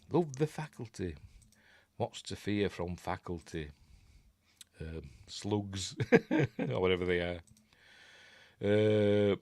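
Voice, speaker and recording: A Yorkshire man hosts a casual film review livestream, rambling and chuckling as he replies to viewer comments. His voice is lowish, with no room sound.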